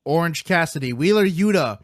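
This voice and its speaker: Excitable man chatting on a dry mic. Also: fairly high pitch, a little fast, dry recording. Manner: excitable, rambling, playfully brash, eating while talking. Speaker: podcast host. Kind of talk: casual chat.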